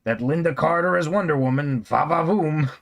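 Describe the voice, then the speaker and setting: A man voicing a brash middle-aged man, loud and leering in an old-fashioned drawl. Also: a little high, moderate pace, vocal fry, voice pushed up.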